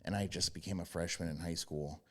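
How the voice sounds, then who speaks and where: Low-voiced brash man telling profane stories. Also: fairly even intonation, a little fast. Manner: profane, brash, bursts into loud yelled impressions. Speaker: podcast guest, former quarterback. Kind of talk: casual storytelling chat.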